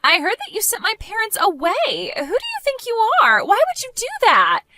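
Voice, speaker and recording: A woman playing a shrill entitled fiancée. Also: sing-song, moderate pace, sharp tone, dry recording, full character voice. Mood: indignant. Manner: shrill, indignant and whiny. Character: entitled young woman, shrill and self-righteous. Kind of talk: scripted story voice acting.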